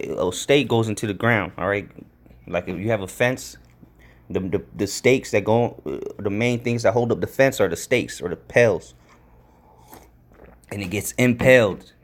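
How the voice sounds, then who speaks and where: A man giving a casual, rambling Bible study commentary, repeating himself, often checking in with "all right?", and growing emphatic as he reads out word definitions. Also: lowish voice. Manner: grows emphatic and excited while reading out definitions. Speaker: religious video commentator.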